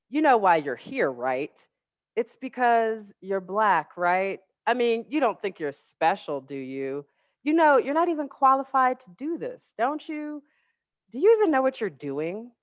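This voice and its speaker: A woman's voice: mid-range voice, no echo. A woman voicing a mocking demon tempter who fires off belittling questions. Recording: dry, dull lo-fi webinar audio.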